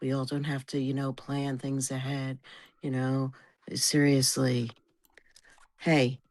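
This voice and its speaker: A woman's voice: rumbling low, flat delivery, slow pace, a little mellow, no echo. A woman streamer greeting her viewers in a chatty, self-mocking way during a live stream. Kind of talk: casual livestream chat.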